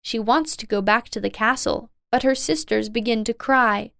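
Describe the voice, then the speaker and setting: A woman narrating a simple storybook in a slow, plain, even way. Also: fairly high pitch, gravelly, dry recording, clean studio sound. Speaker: reader.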